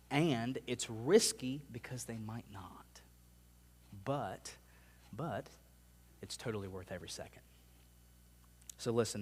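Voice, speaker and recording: Male youth minister, 30s, delivering an earnest sermon with hushed pleas; average pitch, reverberant sanctuary. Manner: earnest, swings from loud emphasis to hushed, near-whispered pleas. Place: church sanctuary.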